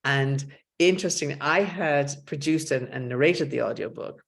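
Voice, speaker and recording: A middle-aged Irish woman with an extremely low voice and vocal fry speaks at a normal speed. She's an author appearing as a guest in a casual interview, animatedly telling stories and quoting other people's lines in dialogue.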